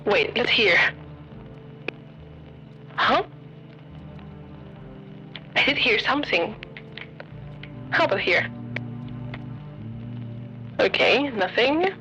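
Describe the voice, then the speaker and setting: A woman VTuber playing a horror game, chatty and giggly as she reads its narration aloud. Her voice is high and bright, unhurried, with a dull, lo-fi stream sound and faint music underneath. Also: very animated. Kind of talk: game stream commentary and reading game text.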